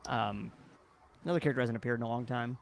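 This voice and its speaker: A man's voice: mid-range voice, quick pace, creaky. A man hosting a podcast livestream, explaining things in a rambling way with many fillers. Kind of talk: casual chat on a livestream.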